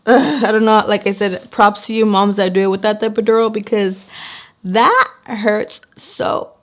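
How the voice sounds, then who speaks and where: A woman's voice: mid-range voice, normal speed. Chatty young woman vlogging a story. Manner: chatty, lots of "like", acts out quotes. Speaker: beauty vlogger. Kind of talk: casual storytelling vlog.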